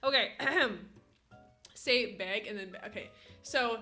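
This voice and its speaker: A woman's voice: mid-range voice, takes it slowly, sharp tone. A woman streamer chatting casually with her viewers and laughing a lot, often breaking into giggling fits. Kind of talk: casual live-stream chat. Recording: faint music behind.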